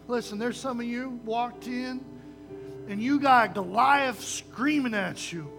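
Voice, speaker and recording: A male pastor drives his sermon forward with fervent, repeated phrases at a church service. His voice sits very high and rings bright and forceful. Soft instrumental music plays faintly underneath. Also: slow, gravelly. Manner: impassioned, repetitive preaching.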